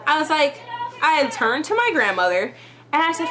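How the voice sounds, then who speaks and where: Chatty young woman with a bright voice. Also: high voice, sing-song, normal speed. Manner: chatty, full of "like" fillers. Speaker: vlogger. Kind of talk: storytime vlog.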